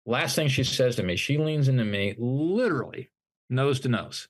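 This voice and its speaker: A man's voice: mid-range voice, lively intonation, normal speed. A middle-aged man, a podcast guest, earnestly telling his personal story in an interview, often restarting his sentences. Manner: earnest, retelling events with acted-out dialogue and frequent restarts. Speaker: podcast guest, motivational speaker.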